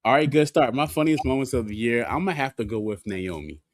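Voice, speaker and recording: A man co-hosting a wrestling podcast in casual chat, lively, laughing often and swearing freely. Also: medium pitch, fast, dry recording, studio quality. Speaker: podcast co-host.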